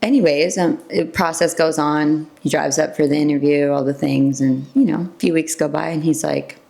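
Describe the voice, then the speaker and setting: Low-voiced chatty woman telling a story. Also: steady tone, normal speed, gravelly, dark tone. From San Diego. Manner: chatty, many fillers, acts out quoted exchanges. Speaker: podcast guest. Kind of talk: casual conversational storytelling.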